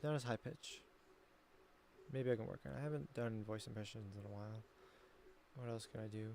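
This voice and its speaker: A man's voice: on the low side, fairly even intonation, brisk, creaky, a little mellow, slight background noise. Rambling, self-critical male streamer. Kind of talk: casual chat.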